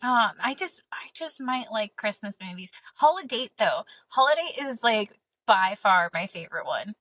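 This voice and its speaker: A woman's voice: medium pitch, expressive, moderate pace, fairly bright tone, dry recording. A woman co-hosting a podcast in casual chat, easygoing and agreeable, with plenty of "like" and "um". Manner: easygoing, agreeable, filler-heavy. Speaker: podcast co-host.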